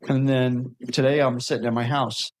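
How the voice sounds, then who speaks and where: A man's voice: mid-range voice, little pitch movement, normal speed, dry recording, low-quality recording. Reflective man rambling with fillers. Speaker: podcast co-host. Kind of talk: casual chat. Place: studio.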